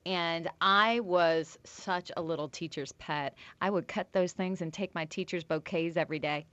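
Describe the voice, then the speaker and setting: A woman's voice: lowish voice, normal speed, a bit bright, dry recording, highs cut off. A woman from Des Moines co-hosting a radio after-show, chatting playfully with teasing exclamations. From Des Moines, Iowa. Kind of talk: casual chat.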